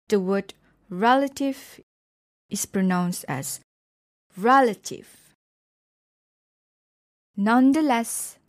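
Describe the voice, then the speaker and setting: A woman teaching English pronunciation in a scripted lecture, reading example words slowly and deliberately with pauses between them. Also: medium pitch, no room sound, clean studio sound.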